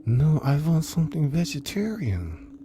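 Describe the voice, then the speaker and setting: A man voicing a fussy, indignant vegetarian mother in a high whispered falsetto, as whispered role-play. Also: very animated, measured pace, warm tone, a little hiss or hum.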